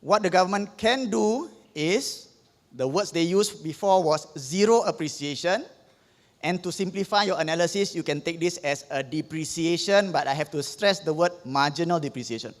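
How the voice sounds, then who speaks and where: A high-pitched economics tutor with a Singaporean English accent runs a revision lecture at normal speed. Each point comes step by step, usually followed by "okay?" Long hall reverb colors the recording.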